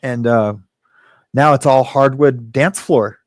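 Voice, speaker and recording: A man with a mid-range voice hosts a casual livestream from his home living room, chatting loosely, reading viewer comments aloud and laughing often. He draws out his words and pauses often. He's recorded on a webcam or phone, with no room sound.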